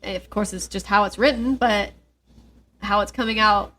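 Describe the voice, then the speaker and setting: A woman's voice: mid-range voice, steady tone, normal speed, fairly bright tone. An American woman co-hosting a casual book podcast, agreeable and upbeat, often trailing off mid-thought. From United States. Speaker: podcast co-host. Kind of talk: casual chat about audiobooks.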